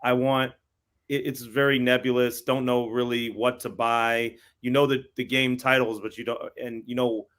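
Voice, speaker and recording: A man's voice: mid-range voice, flat delivery, moderate pace, fairly bright tone. A man co-hosting a casual podcast, rambling and repeating words as he gets going. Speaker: podcast co-host. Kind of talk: casual banter.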